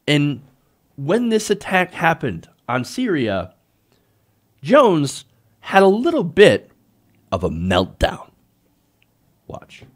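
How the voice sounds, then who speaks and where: A man's voice: a little high, wildly swooping pitch, takes it slowly, pauses often. A young man hosting an online political commentary show, talking in a conversational, opinionated way with frequent hesitations.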